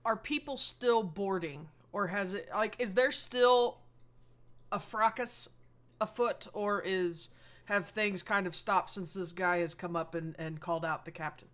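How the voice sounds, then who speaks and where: A woman's voice: mid-range voice, unhurried, a bit bright. A woman playing a tabletop role-playing game who describes her character's plans thoughtfully, hesitating and restarting her phrases. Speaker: player.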